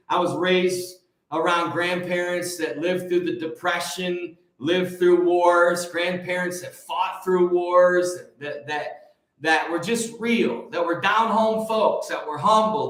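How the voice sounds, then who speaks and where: A Michigan man in his forties hosts a casual livestream, greeting viewers by name and rambling on in a preachy manner. His voice is high and a little bright, and the room is very echoey.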